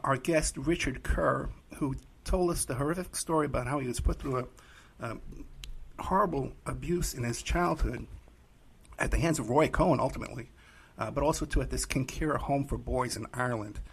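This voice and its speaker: A man's voice: medium pitch, moderate pace, creaky, breathy edge. A man hosting a podcast interview, talking casually and loosely with many fillers. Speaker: host.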